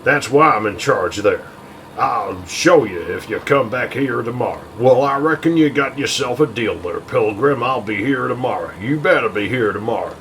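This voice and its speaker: A man's voice: medium pitch, animated, moderate pace, a bit bright, a little hiss or hum, natural voice, rough recording. A man voicing blustering Old West cowboys from an old movie, in an exaggerated mock-tough drawl.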